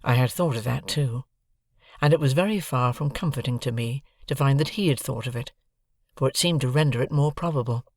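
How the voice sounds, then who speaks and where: Gravelly male audiobook narrator. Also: mid-range voice, dry recording, studio quality. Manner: measured, deliberate reading. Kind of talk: scripted narration.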